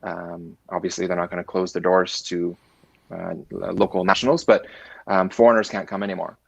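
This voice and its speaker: A man with a Canadian accent, a company director answering interview questions in a measured way with frequent restarts. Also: low-pitched, flat delivery, vocal fry, slightly rough, no echo. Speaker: guest, managing director.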